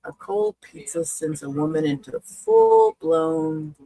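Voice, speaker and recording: A woman's voice: sits low, huge pitch swings, slow pace, creaky, warm tone, no room sound, poor audio. A woman hosting a livestream in casual chat, talking in a chatty, frustrated way about her stream failing. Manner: chatty, frustrated, swearing and laughing. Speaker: livestream host reacting to body cam videos.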